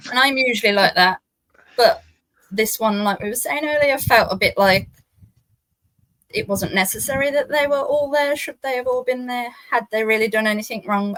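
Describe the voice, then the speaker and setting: A woman guest on a podcast, a horror film reviewer, talking in a lively and emphatic way. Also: mid-range voice, dry recording, low-quality recording. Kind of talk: casual film-review chat.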